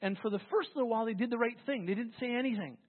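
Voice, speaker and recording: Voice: medium pitch, very fast. A pastor preaching a sermon in a conversational, storytelling way, often restarting phrases. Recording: phone-like, with long hall reverb.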